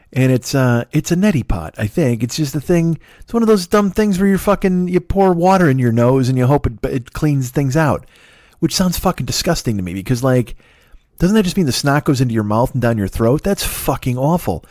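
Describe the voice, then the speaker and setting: A man's voice: medium pitch, a little mellow, no room sound, clean studio sound. A man in his fifties hosting a solo comedy podcast, rambling in a profane, self-mocking way with wandering asides. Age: 50s. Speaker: podcast host.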